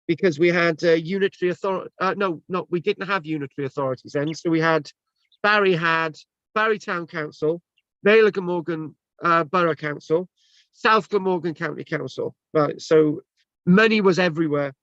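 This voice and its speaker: A man talks casually on a video call, restarting his sentences and filling gaps with ums. His voice sits a little high, and the sound is close and dry. The audio is dull and lo-fi. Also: normal speed, fairly bright tone, no room sound. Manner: rambling, many restarts and fillers. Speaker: presenter. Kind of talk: casual chat.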